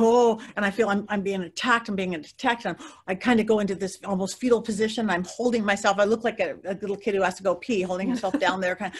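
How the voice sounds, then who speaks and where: A middle-aged woman, a guest psychic, telling stories in an interview in a lively way, laughing often and acting out the voices of others. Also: mid-range voice. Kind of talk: animated storytelling interview.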